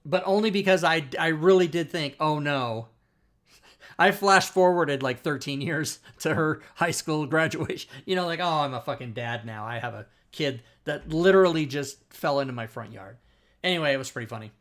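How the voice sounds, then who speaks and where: A man hosting a casual livestream, telling a story in an animated, profane way with frequent laughter. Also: fairly high pitch, moderate pace. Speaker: host.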